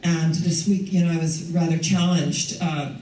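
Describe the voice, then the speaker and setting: A woman's voice: fairly low pitch, fairly even intonation, normal speed, recorded from a distance, a little hiss or hum. Older woman minister preaching in echoey hall. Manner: warm, conversational, laughs often. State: recovering from lost voice. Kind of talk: sermon.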